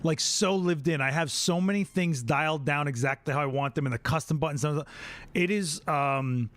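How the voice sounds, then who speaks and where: Chatty man, fairly high voice. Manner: chatty and animated, with quick asides. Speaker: host of a photography chat stream. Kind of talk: casual live-stream chat.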